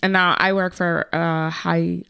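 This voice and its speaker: A woman co-hosting a casual podcast, with a low voice that is smooth and resonant. She talks in a blunt, laid-back way and swears without a second thought. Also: level tone, unhurried, sharp tone. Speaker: podcast co-host. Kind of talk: casual chat.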